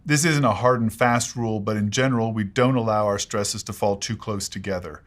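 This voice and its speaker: A man explaining English pronunciation in a lesson, measured and precise, giving spoken examples. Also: fairly low pitch.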